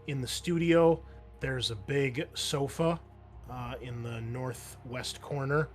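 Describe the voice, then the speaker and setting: A man narrating as game master of a tabletop role-playing game, casual, with many fillers and restarts. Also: mid-range voice.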